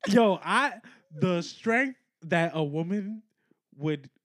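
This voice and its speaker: A young man with a high voice riffs on a comedy podcast. His pitch leaps around as he acts out bits, sometimes sinking to a quiet mutter. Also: lively intonation, takes it slowly. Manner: playful, acts out voices and drops into low mutters. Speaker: podcast co-host. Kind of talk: casual comedic chat.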